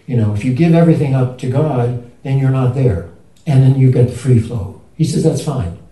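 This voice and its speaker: A man asking a long, halting question at a retreat, often restarting and searching for his words. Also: medium pitch, dark tone, reverberant, far from the mic, poor audio. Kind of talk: rambling spoken question.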